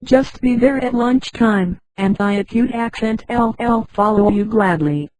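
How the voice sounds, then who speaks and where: A woman reading the lines of a grown man stranded on another planet, in a flat, even synthetic voice. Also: a little high, a little slow, no room sound, natural voice, rough recording.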